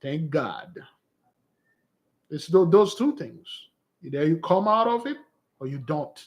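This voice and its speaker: A man talking casually to his followers as a spiritual fasting leader, exhorting them and calling them beloved, with rambling asides. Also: on the high side, animated. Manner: exhorting, calls listeners beloved.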